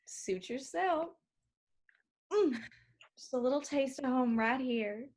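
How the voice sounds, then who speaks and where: An actress playing a boisterous, drunk Southern woman from Georgia, loud and teasing, in a staged reading over a video call. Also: high voice, lively intonation, slow pace, heavily acted. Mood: tipsy, combative.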